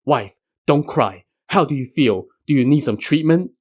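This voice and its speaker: A man's voice: on the high side, lively intonation, moderate pace, a little mellow, slightly rough, lo-fi sound. A man voicing a hot-tempered male demon king who blusters in a raised voice. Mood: furious.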